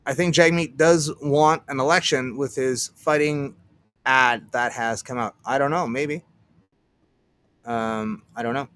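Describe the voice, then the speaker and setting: A man's voice: medium pitch, steady tone, measured pace, fairly bright tone, no room sound. A man from Canada hosting a casual solo livestream, rambling and sarcastic, muttering to himself between remarks. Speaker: livestream host.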